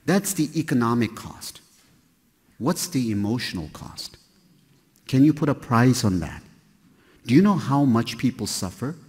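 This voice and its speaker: Joking doctor lecturing in a reverberant hall. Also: male voice, mid-range voice, big pitch swings, measured pace, long pauses, darkish tone, husky. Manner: conversational, joking, fond of rhetorical questions. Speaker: nephrologist giving a lecture. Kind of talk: conference lecture to a live audience. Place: large hall with an audience.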